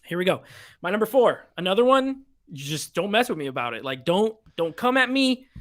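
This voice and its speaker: A podcast host chatting casually on a live stream, reading viewer picks aloud in a playful, animated way. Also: mid-range voice, a little fast.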